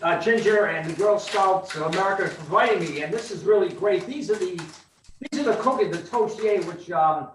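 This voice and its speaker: A man joining as a guest chef over a video call, talking loudly and eagerly. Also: sits high, fairly quick. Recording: echoey distant video call with faint noise.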